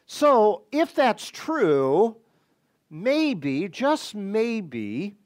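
A man teaching on a Bible passage in a deliberate way, with sudden bursts of emphasis. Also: sits high, big pitch swings.

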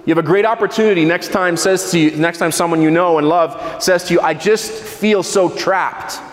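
A male pastor delivers a sermon in a slightly high voice, slowing and sinking low on key words with dramatic pauses. The sound rings in a large hall with a long, echoing tail. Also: fairly even intonation. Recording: echoey hall with long reverb.

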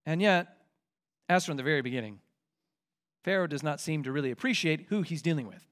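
High-ish guy preaching verse by verse, earnest, emphatic. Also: expressive, fairly quick, a bit bright. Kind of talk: expository sermon.

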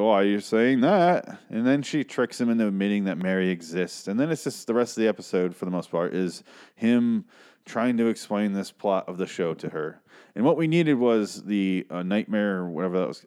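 A man with a deep, darkish voice casually recaps a TV episode, rambling, joking and swearing as he goes, often restarting his sentences.

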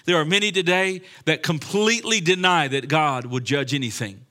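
A man's voice: a little high, moderate pace, sharp tone. A man preaching a sermon with impassioned delivery and frequent restarts. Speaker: pastor.

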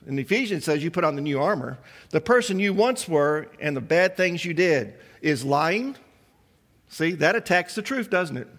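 A man's voice: fairly high pitch, lively intonation, normal speed, a bit bright, big-room sound. A man preaching a sermon, asking the congregation one rhetorical question after another. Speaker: pastor.

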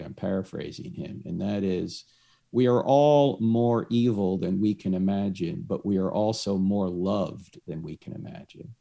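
A man's voice: sits low, vocal fry, mellow. A man explaining his faith to one listener through a story, acting out the lines of the people in it. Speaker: evangelist.

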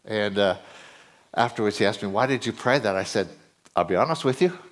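A middle-aged male preacher giving a sermon, his voice climbing higher and louder as he gets excited. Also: brisk. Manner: voice climbs high and loud when excited.

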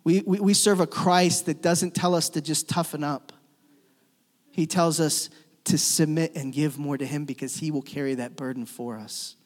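A man preaching a sermon as a pastor, swinging between loud emphatic lines and hushed, slow ones. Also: on the high side, fairly even intonation. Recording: long reverb of a church hall.

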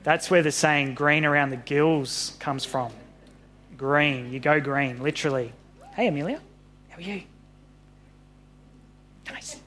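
A man reading a Bible story aloud to children in an animated, friendly way. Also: fairly high pitch, unhurried, long pauses, slight background noise. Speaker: pastor.

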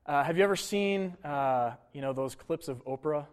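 A man preaching a sermon in a conversational way, with casual asides and quick mock voices. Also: a little high, smooth. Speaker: pastor.

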